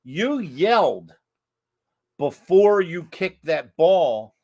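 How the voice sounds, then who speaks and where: A man's voice: sits high, big pitch swings, extremely slow, a little mellow. A man in casual chat, carefully explaining what he saw on a ghost hunt, laughing often. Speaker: paranormal investigator co-host.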